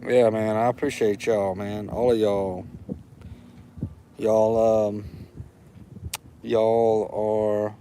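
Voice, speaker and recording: A man's voice: lowish voice, little pitch movement, extremely slow, long pauses, mellow, slight background noise, rough recording. A man from Louisiana with a Louisiana accent, hosting a casual livestream, rambling and heartfelt, repeating himself as he talks. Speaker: livestream host. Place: outdoors.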